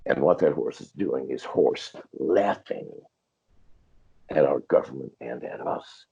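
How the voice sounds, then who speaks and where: A man's voice: a bass voice, expressive, a little slow, gravelly, darkish tone, slightly rough. An older man telling stories in an interview, blunt, defiant and swearing freely, heard over a video call. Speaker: interview guest. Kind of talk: profane storytelling interview. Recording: dull lo-fi video call audio.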